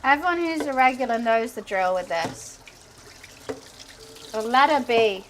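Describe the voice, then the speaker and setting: Young woman streaming from her kitchen, high chatty voice, hums while cleaning, bit of faint noise. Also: lively intonation, unhurried, pauses often. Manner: chatty, rambling, humming and singing to herself. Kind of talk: casual chat while cleaning and cooking. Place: home kitchen.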